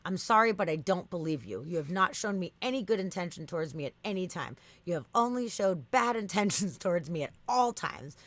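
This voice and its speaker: A woman voicing a self-righteous chatbot that lectures in a low, firm tone. It talks in insistent, repeating lists and never gives ground. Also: brisk, a bit bright, no room sound. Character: stubborn defensive chatbot, machine, self-righteous.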